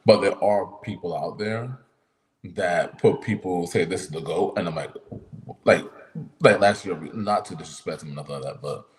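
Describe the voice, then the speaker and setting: A man with a low voice co-hosts a wrestling chat, working through his point haltingly and asking questions as he goes. His delivery is casual and conversational. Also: low-quality recording. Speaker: podcast co-host.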